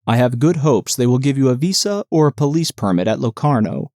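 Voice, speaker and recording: A man's voice: mid-range voice, expressive, a little fast, darkish tone, no echo, clean studio sound, close to an everyday voice. A man voicing a formal, officious male border lieutenant who questions travelers in clipped sentences.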